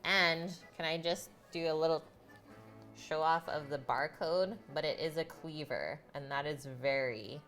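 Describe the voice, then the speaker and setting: A woman hosting a live cooking stream, chatting and giggling with her viewers from her home kitchen. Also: low voice. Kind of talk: casual live-stream chat while cooking.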